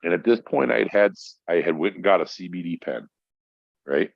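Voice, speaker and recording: A man's voice: low voice, expressive, brisk, creaky, no room sound. A man, a podcast guest who works in mental health, tells a story in a casual, emphatic and profane way. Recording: dull lo-fi dry sound.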